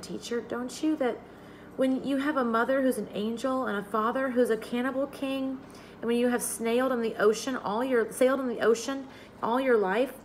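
A woman's voice: medium pitch, sharp tone, slight background noise, natural voice, rough recording. A woman reading aloud and voicing a cheeky, fearless young girl who boasts in tall tales. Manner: bold, tall-tale boasting.

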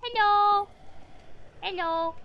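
A young woman live-streaming a video game, talking to chat with exasperated grumbling, loud outbursts and playful menace. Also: very high voice, very slow, dull audio, slight background noise.

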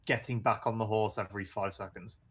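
Woman with a strikingly low voice, laid-back and matter-of-fact, casual game banter. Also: steady tone, brisk, breathy edge. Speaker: fellow streamer. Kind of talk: casual gaming chat.

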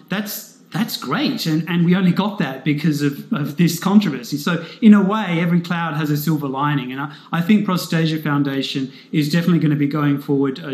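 A man speaking for a foundation in an interview, answering in a measured way with frequent pauses and fillers. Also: a little high, a little mellow. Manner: measured, frequent ums and you-knows. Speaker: foundation spokesperson. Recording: roomy echo.

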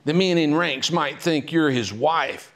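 A man at an author talk in a library, voicing a furious, jealous first lady with a screechy, shrill tone. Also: measured pace, fairly bright tone. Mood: indignant. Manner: indignant outburst. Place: public library meeting room.

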